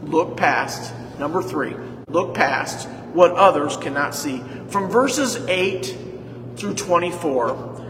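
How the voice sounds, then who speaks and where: A man's voice: a little high, lively intonation, takes it slowly, noisy background. A male pastor preaching a sermon, stressing points by repeating them and putting questions to the congregation. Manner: emphatic preaching with repeated lines and rhetorical questions. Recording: echoey hall with long reverb.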